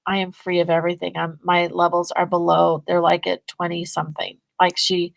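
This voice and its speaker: A woman, a guest on a podcast interview, telling a story in a casual, animated way and acting out both sides of the conversations. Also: fairly low pitch, brisk, vocal fry, dry recording, rough recording. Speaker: guest, energy healing business owner.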